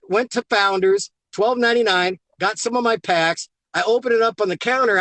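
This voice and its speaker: A man on a video call telling an excited story about his own results, acting out the lines of the people in it. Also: high voice, no room sound. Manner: excited, acts out quoted dialogue. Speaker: guest giving a product testimonial. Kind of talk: animated storytelling on a live call.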